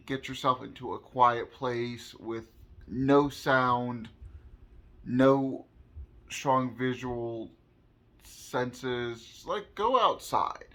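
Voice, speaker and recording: A man talking earnestly from his own experience in a vlog, halting and repeating words as he searches for how to say things. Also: mid-range voice, fairly bright tone. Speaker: vlogger. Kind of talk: personal explainer monologue.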